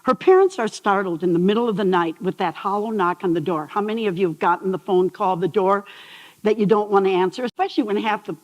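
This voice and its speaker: An older woman speaks on stage in a large hall, her voice carrying a long trailing reverb. Her pitch sits in the middle, and she tells her stories with animated energy, often turning to the audience with questions. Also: quick pace, highs cut off. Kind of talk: TEDx talk.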